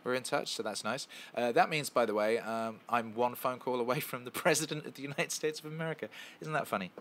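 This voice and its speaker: A man's voice: medium pitch, quick pace, a bit bright, a faint crowd, a little hiss or hum. A man hosting a casual live stream, answering chat questions in an emphatic, profane, repetitive way.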